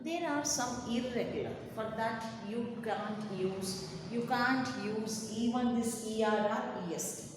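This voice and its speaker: A woman's voice: fairly high pitch, unhurried, few pauses, noisy background. A woman teaching a grammar lesson to children, patient and repeating each word as she counts its syllables. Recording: echoey room heard from a distance.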